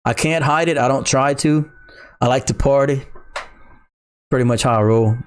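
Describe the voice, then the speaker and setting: A middle-aged man from Louisiana with a Cajun accent, chatting casually on a crypto livestream, reading viewer comments in an excitable, slangy way. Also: medium pitch, normal speed, a little hiss or hum. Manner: excitable, laughing, slangy, says "bruh".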